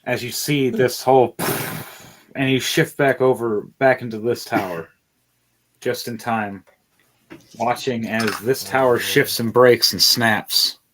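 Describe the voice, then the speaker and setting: A man's voice: medium pitch, fairly even intonation, slow pace, a bit bright. Man casually running a tabletop game. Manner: loose, rambling narration with fillers and swearing. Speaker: dungeon master.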